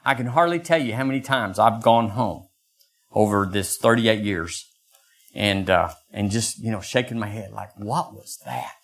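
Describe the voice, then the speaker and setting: An older man preaching a sermon as pastor, acting out quoted voices in lively bursts. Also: moderate pace. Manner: animated, acts out voices with sudden high pitch jumps.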